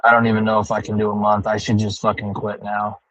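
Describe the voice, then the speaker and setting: Talking to his chat as he drives home, a man livestreams a casual, rambling monologue, ranting, thinking aloud, and cursing heavily. He speaks fast in a lowish, monotone voice with a fairly bright tone. The sound is lo-fi with no echo.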